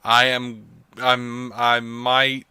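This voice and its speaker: A man hosting a podcast in casual chat, talkative and quick to laugh, on a desk microphone. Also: mid-range voice, completely flat delivery, sharp tone, clear, resonant tone, dry recording, clean studio sound. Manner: chatty, laughs often. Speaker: podcast host. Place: home desk setup. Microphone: studio microphone.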